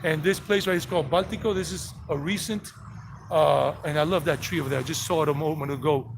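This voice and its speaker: Talking fast in a higher, creaky voice with a steady tone, a man from South Carolina and Georgia, USA, with a Southern US accent, greets viewers and rambles while narrating a live-streamed street tour. He's outdoors on residential streets with traffic going by, and there's a little hiss or hum.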